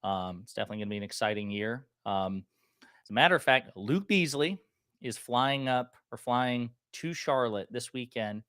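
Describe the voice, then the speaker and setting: A man hosting a political commentary livestream, chatting casually and reading viewer comments, with a lingering cough that makes him clear his throat. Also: medium pitch, animated, normal speed, a bit bright, no room sound, studio quality. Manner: loose, chatty and joking.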